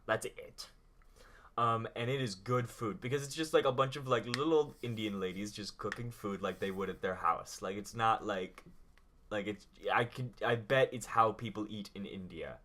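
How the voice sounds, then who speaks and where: A young man talks loosely on his podcast, his voice bright and edged. He rambles, swears freely and breaks into laughter often. The talk is relaxed, unscripted chat. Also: lowish voice, moderate pace. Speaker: podcast host. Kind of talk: casual chat.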